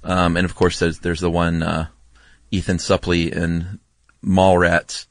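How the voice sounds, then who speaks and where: Male podcast co-host, low voice, easygoing reader of mail. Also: completely flat delivery, a little slow, dry recording. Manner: laid-back, laughs easily. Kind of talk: casual podcast chat.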